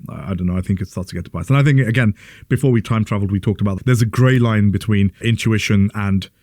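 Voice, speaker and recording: A man's voice: lowish voice, quick pace, darkish tone, no room sound, clean studio sound. A man co-hosting a podcast, explaining his views in a thoughtful, casual way. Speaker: podcast co-host. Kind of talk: casual conversation.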